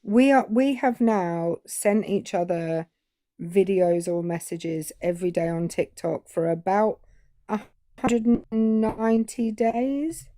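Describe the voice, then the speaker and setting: A woman's voice: medium pitch, slow pace, mellow, no room sound, clean studio sound. A woman from Britain co-hosting a live stream, chatting and telling stories. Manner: chatty, storytelling. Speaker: stream co-host. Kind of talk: casual live stream chat.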